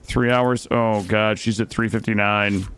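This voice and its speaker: Through a studio microphone, a young man comments live on the game he's streaming, alternating between muttering and panicked bursts. His fairly low voice stays steady and measured, with a slightly bright tone and a little hiss or hum.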